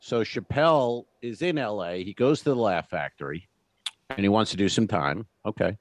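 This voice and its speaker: A man's voice: fairly low pitch, moderate pace, a little hiss or hum. A man co-hosting a podcast, telling an anecdote in casual chat and acting out the quotes with gusto. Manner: animated storyteller, acts out quotes. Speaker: podcast co-host.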